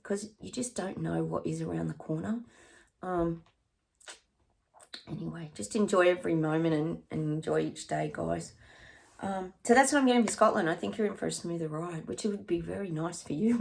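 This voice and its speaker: A woman's voice: lowish voice, vocal fry, a little mellow. A woman psychic chatting through her predictions in a rambling, casual way, sometimes dropping to a near-whisper.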